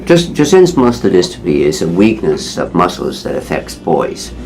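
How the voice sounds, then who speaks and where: A male physician calmly explaining a muscle disease in measured terms. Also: low voice, creaky, soft background music.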